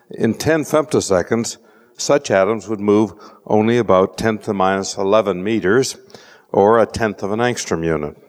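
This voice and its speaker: A man with a fairly low voice delivers a measured scientific lecture, dry-witted and patient. He often pauses on fillers as he works through an explanation. The sound rings with the long reverb of a lecture hall.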